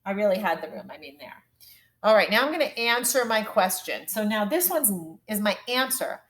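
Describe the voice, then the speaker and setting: A young adult woman teaching a phonics lesson to young children from home, in a slow, sing-song teacher voice that exaggerates the rhythm of sentences. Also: medium pitch, animated, fairly bright tone, low-quality recording.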